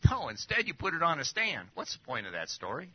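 A man preaching a sermon, full of rhetorical questions and swinging between loud and hushed. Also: fairly high pitch, fairly quick, husky. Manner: lively, rhetorical questions, drops to near-whispers. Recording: dull lo-fi recording.

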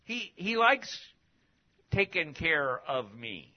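A man's voice: on the high side, lively intonation, takes it slowly. A middle-aged man, a pastor teaching a class in a conversational sermon style, folksy and full of rhetorical questions, on a dull lo-fi recording.

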